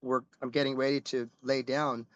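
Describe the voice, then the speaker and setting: A man's voice: mid-range voice, little pitch movement, moderate pace, no echo, dull audio. A middle-aged man, a rock musician, telling stories in a casual interview, rambling and restarting as he goes and swearing casually.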